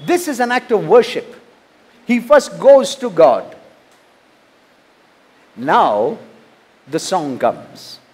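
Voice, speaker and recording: A man's voice: high voice, sing-song, takes it slowly, pauses often, darkish tone, slightly rough. A man, a pastor from India, preaching a sermon, reading scripture and asking rhetorical questions. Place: church.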